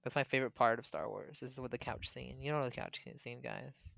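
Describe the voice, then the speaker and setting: A man co-hosts a podcast in casual chat, his voice smooth and clear. He jokes in a dry, deadpan way, recorded close in a dead-sounding room. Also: medium pitch, a little fast, dry recording. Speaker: podcast co-host.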